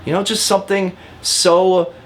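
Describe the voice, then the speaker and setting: A man's voice: sits high, flat delivery, measured pace. A man, a real estate agent, giving a casual lesson to camera, talking directly with frequent fillers and repeats. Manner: chatty and direct, often calls viewers guys.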